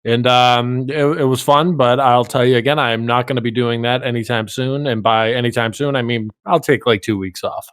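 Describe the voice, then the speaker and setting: A man's voice: medium pitch, steady tone, normal speed, hardly any pauses, a bit bright, clear, resonant tone, no room sound, studio quality. A man co-hosting a podcast in casual chat, wry and self-deprecating. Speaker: podcast co-host.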